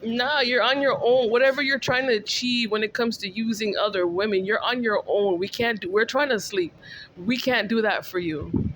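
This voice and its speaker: Woman vlogger, exasperated venting rant, high pitch, casual. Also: moderate pace, fairly bright tone, a little hiss or hum. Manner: ranting, repetitive, exasperated.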